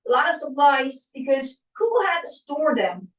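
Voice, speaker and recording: A woman runs a reading lesson in a high voice, keeping a slow and patient pace. She keeps prompting with short checking questions. The sound is roomy and set back from the mic. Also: very animated, a bit bright, distant mic. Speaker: English reading teacher.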